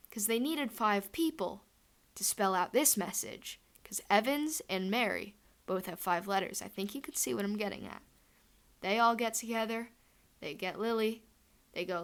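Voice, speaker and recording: A woman's voice: mid-range voice, a bit bright, smooth. A young woman telling a fan headcanon story in a chatty, rambling way, full of fillers.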